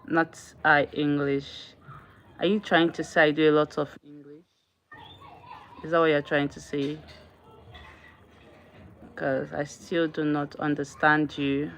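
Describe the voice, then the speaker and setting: A woman's voice: deep voice, level tone, slow, long pauses, fairly bright tone, a little hiss or hum. A woman hosting her own live stream in casual chat, often thanking and greeting viewers as they join.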